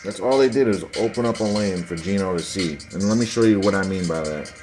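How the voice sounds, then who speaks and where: A man's voice: low voice, fairly quick, music in the background, poor audio. A man hosting his own sports video, talking casually over game footage in a dismissive, conspiratorial way, speaking straight to his viewers.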